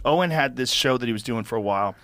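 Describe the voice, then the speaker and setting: A middle-aged man hosts a podcast and muses on ideas in an easy, reflective way, swearing now and then. His voice sits at a middle pitch and comes through dry and close. He sounds relaxed and conversational. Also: rapid-fire, no room sound. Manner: reflective, swears casually, musing. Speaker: podcast host.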